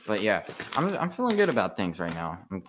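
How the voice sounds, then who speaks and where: A tired man, an amateur comedian, rambling in a halting casual monologue full of restarts. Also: lowish voice, wildly swooping pitch, a bit bright, a little hiss or hum.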